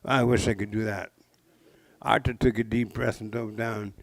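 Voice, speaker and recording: A man's voice: lowish voice, flat delivery, moderate pace, gravelly, dry recording, rough recording. A man in his sixties from the Pacific Northwest, telling traditional legends to a live audience with playful jokes and questions. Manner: playful, interactive, jokey asides. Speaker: traditional storyteller. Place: public library talk.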